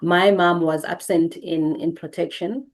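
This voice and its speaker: Woman host, lowish voice, gentle reflective teaching delivery with repeated emphatic phrases. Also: fairly even intonation, a little slow. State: briefly emotional.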